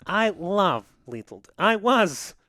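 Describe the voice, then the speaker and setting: A man putting on a mock Russian accent to play a boastful middle-aged male hockey coach who talks in slow, broken English. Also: high voice, very animated, sharp tone, dry recording, studio quality, voice pushed up, full character voice. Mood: pompous.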